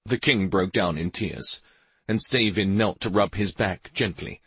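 A man narrating a fantasy story as an audiobook in a slow, expressive way. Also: deep voice, husky, dry recording.

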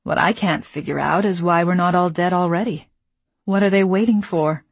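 A woman voicing a steely young woman who talks quietly and close to breaking. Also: lowish voice, moderate pace, gravelly, slightly rough, no room sound. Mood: weary. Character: steely young woman confessing her past.

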